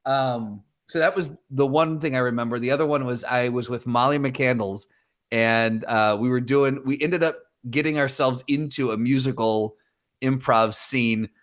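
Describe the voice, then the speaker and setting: A man's voice: medium pitch, normal speed, a bit bright. Rambling male podcast co-host. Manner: rambling storyteller, many restarts and fillers. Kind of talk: casual chat.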